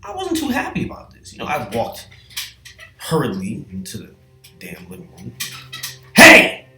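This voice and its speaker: A man telling a rambling, profane comedic story in a casual, animated way. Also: medium pitch, normal speed. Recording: echoey room with faint music.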